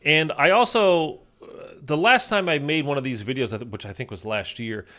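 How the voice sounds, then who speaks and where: Playing a zombie shooter, this male gaming YouTuber offers casual, rambling commentary full of fillers. He talks at a normal speed in a fairly high voice with a bright, forceful tone.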